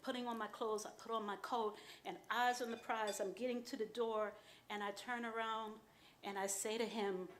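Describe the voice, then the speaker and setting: A woman's voice: fairly high pitch, steady tone, moderate pace, a little hiss or hum. A woman author telling a frank, profane personal story on a small club stage. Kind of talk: live storytelling.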